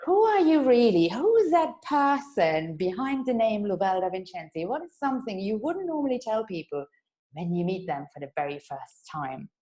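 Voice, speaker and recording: Woman host for a chatty interview podcast, bubbly, quick to laugh, excited about her guest. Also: medium pitch, poor audio. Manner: bubbly and enthusiastic, laughs easily.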